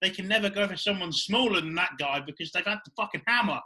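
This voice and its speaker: A British man co-hosting a podcast, crude and excitable, laughing often in casual banter. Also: high-pitched, fast talker. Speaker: podcast co-host.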